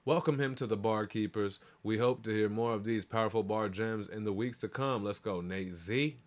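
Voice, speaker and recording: A man's voice: on the low side, normal speed. A man hosting a live stream, chatting in a loose, rambling, profane and hyped way. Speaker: livestream show host. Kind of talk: casual live-stream chat.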